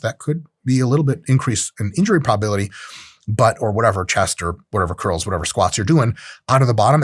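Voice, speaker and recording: A mid-range voice with a breathy edge belongs to a strength training coach lecturing casually on lifting technique. He's profane and joking, animatedly acting out little scenes, and the clean studio recording has no echo.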